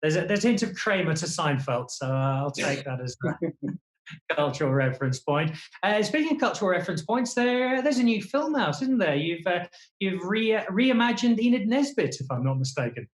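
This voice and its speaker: A man's voice: high voice, animated, normal speed. A man hosting a casual interview, teasing his guest playfully and stammering into restarts. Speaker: host. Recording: roomy room sound.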